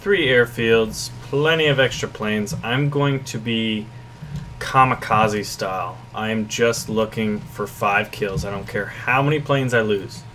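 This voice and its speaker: A man's voice: on the low side, unhurried, fairly bright tone, a little hiss or hum. A man hosting gameplay commentary in a plain, matter-of-fact way. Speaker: gaming channel host.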